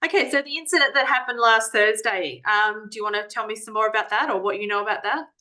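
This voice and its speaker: A woman playing a calm workplace investigator who asks measured, clarifying questions in a role-played interview. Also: a little high.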